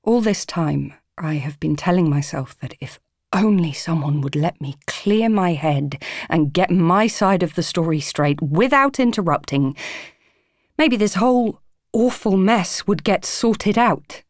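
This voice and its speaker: A woman's voice: lowish voice, expressive, unhurried, no echo, clean studio sound. Pleading young woman reading a confessional letter. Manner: earnest, pleading, emotionally raw. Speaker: audiobook narrator. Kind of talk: first-person audiobook narration.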